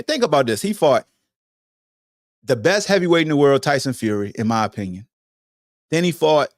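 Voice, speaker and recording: A man hosts a podcast and rants hard about combat sports, blunt and profane. His pitch sits a little high and swings widely from low mutters to sharp peaks. The sound is dry and close, with no room around it. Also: no room sound. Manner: animated, heated, blunt with slang and profanity. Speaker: podcast host. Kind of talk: opinionated sports rant.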